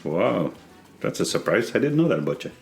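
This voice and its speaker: A man co-hosting a casual podcast, reacting with quick quips and surprised interjections. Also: fairly low pitch, very animated, creaky, soft background music. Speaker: podcast co-host. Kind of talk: casual chat.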